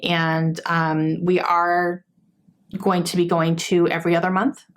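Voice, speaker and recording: A woman's voice: fairly low pitch, monotone, measured pace. A young adult woman giving a casual, gushing book review as a vlogger, chatty with many fillers.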